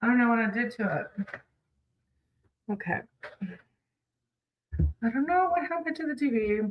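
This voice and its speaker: A woman's voice: on the high side, lively intonation, moderate pace, highs cut off, slight background noise. A woman chatting casually with viewers on a livestream, greeting them by name and reading tarot cards.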